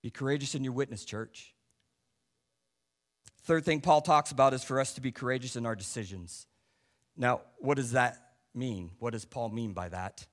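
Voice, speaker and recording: A male pastor preaching a sermon, asking the congregation rhetorical questions and swinging between loud stressed points and quiet asides. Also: mid-range voice, moderate pace, pauses often.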